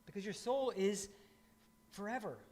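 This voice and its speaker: A man's voice: high-pitched, moderate pace, a little mellow. A middle-aged man from rural Indiana giving a conversational, folksy sermon as pastor.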